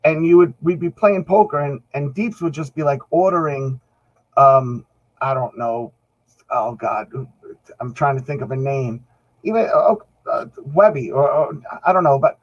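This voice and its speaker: Unhurried and mid-pitched, a man talks on a recording with the highs cut off. As a band musician guesting on a podcast, he tells meandering stories in relaxed chat, voicing the quotes as he goes.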